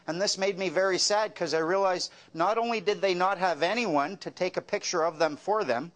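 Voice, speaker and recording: High-voiced joking man. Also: moderate pace, a bit bright. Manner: wry, joking storyteller with a dry punchline delivery. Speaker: speaker giving a talk. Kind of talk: storytelling talk with jokes.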